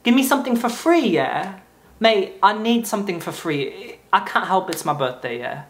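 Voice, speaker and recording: A man's voice: high-pitched, animated, normal speed, a bit bright. A man voicing a cheeky British pub-goer in a mock English accent, tagging "yeah" onto his lines. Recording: roomy echo.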